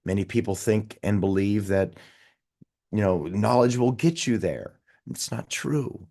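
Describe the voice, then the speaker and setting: A man with a notably low voice teaches a motivational study group over a video call. He repeats his points for emphasis and swings from loud, lifted bursts down to soft, hushed asides. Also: measured pace, vocal fry. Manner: emphatic, repeats key phrases for stress. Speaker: host of a daily study call.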